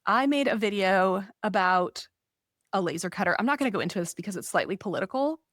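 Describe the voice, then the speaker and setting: A woman co-hosting a podcast, chatty and animated as she gives casual advice. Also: medium pitch, fast talker, no room sound, clean studio sound. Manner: chatty and animated, laughs often. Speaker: podcast co-host.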